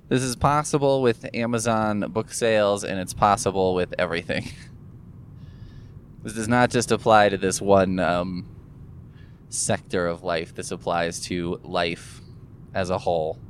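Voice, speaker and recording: A man's voice: deep voice, unhurried, a little hiss or hum. A man talking casually to camera in a rambling, musing monologue, sore from recent gum surgery, swearing offhandedly as he thinks aloud. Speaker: vlogger. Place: in a car.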